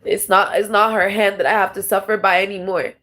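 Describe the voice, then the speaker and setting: A woman's voice: mid-range voice, flat delivery, fairly quick, fairly bright tone. A woman tarot vlogger talking to camera in a raw, rambling, emotional monologue, swearing often and restarting her sentences.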